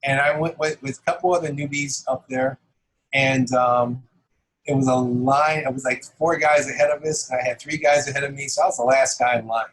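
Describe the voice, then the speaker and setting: The speaker is a middle-aged man, a comic book artist, whose mid-range voice comes through a low-quality recording at a little faster than normal. Casually interviewed, he shares anecdotes in an animated way, chuckling as he goes.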